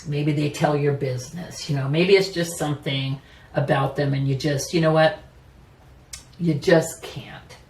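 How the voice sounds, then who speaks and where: A tarot reader with a low, steady, darkish voice chats at normal speed through a casual, personal reading, laughing often and saying "you know" a lot. The recording is roomy and echoey, the mic placed at a distance, with faint ambience.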